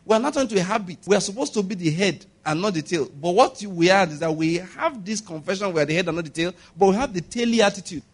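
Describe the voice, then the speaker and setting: High-voiced, emphatic Nigerian pastor preaching. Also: male voice, expressive, fast, few pauses. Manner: emphatic preaching with call-and-response questions and frequent chuckles. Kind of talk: sermon.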